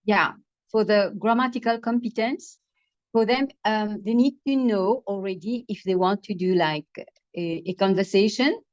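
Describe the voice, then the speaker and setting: A woman's voice: medium pitch, normal speed, no room sound. A woman teacher with a Mauritian accent, explaining thoughtfully in an interview with many restarts. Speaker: English teacher. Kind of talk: video call interview answer. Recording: dry, muffled video call audio.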